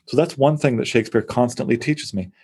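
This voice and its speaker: A man's voice: mid-range voice, fast, a little mellow, slightly rough. A man, a poet, talking through poems in an enthusiastic, thinking-aloud conversational way. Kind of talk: conversational close reading of poetry.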